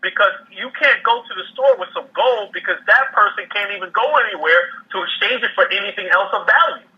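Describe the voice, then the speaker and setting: A man's voice: high voice, brisk, husky. A man speaking as a guest economic commentator in a casual interview, often repeating and restarting his words. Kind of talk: casual interview over a call. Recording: muffled phone-line audio.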